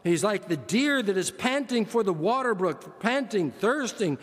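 Earnest older male pastor, high voice. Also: expressive, a little slow, breathy edge. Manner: earnest, emphatic repetitions. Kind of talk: sermon. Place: church sanctuary. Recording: long church reverb.

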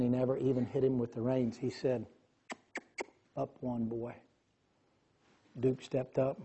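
A man telling a lively story in a sermon, acting out the voices of the people in it. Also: mid-range voice. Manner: animated storyteller, quotes voices.

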